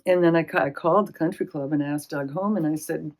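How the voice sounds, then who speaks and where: Middle-aged woman interviewee, low-ish voice, animated anecdotes with quoted voices, library oral history. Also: fairly quick, few pauses. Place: public library.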